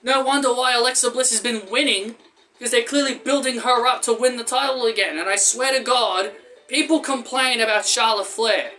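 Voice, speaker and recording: Man, blunt ranting reviewer, high bright tone. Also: moderate pace. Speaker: wrestling show reviewer. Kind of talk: opinionated commentary vlog.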